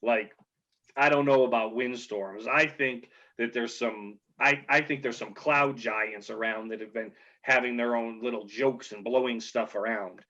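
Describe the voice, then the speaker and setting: A man playing a sly young barmaid who speaks slowly and knowingly, on dull lo-fi audio. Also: medium pitch, fairly even intonation, bright, forceful tone. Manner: slow, knowing, conspiratorial. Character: young barmaid, sly conspiracy-minded woman.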